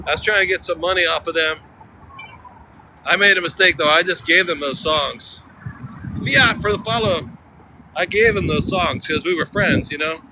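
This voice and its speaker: Man vlogger, playful chat on a phone stream, slightly high voice, outdoor noise and traffic behind. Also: moderate pace, pauses often. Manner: joking, chatty, breaks into off-key singing. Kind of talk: live-stream walking chat with viewers.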